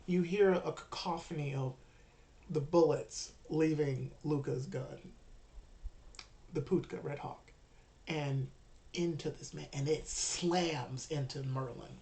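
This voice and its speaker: A woman's voice: sits low, takes it slowly, long pauses, darkish tone. A woman running a live-streamed tabletop role-playing game as game master, narrating with sudden dramatic outbursts.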